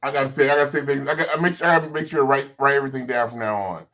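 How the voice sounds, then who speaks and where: A man's voice: medium pitch, very fast, bright, forceful tone. Stammering man with a dull-sounding mic. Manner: stammering, repeats words as he restarts. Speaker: panelist. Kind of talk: casual panel chat.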